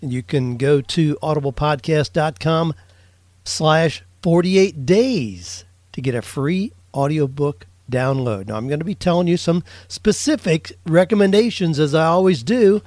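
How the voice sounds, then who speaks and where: A man's voice: on the high side, a little slow, darkish tone, dry recording. A man hosting a solo podcast, chatting through listener questions. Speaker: podcast host.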